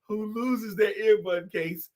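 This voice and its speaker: A man co-hosting a talk show, chatting casually and telling animated stories. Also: sits high, slow pace, faint music behind. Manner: animated storyteller, acts out voices in jokes and stories. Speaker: podcast co-host. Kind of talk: casual chat with storytelling.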